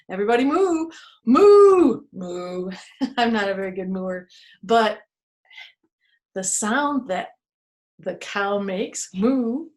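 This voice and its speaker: In a children's museum storytime, a woman with a mid-range voice entertains young kids, lively and playful, acting out animal noises and sound words.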